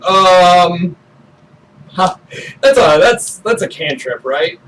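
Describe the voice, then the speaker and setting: Man GM, slow and laughing, slightly high voice, distant mic with faint hiss. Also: lively intonation, a bit bright. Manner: laughs often, halting with fillers. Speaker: game master. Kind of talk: narrating a tabletop game.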